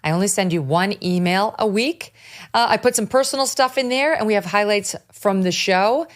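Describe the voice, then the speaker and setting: A woman's voice: mid-range voice, moderate pace. A woman hosting a talk show, speaking emphatically and with disbelief about politics. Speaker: podcast host. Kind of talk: political commentary chat.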